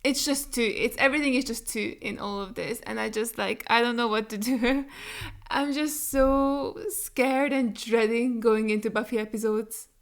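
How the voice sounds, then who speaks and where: A woman's voice: a little high, fairly even intonation, normal speed. A young woman hosting a casual reaction video, rambling emotionally and swearing freely as she chats.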